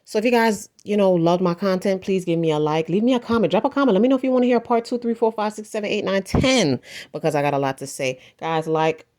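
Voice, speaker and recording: A woman's voice: medium pitch, fast talker, a little mellow. A woman telling a storytime vlog in a blunt, emphatic, profane way. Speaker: vlogger.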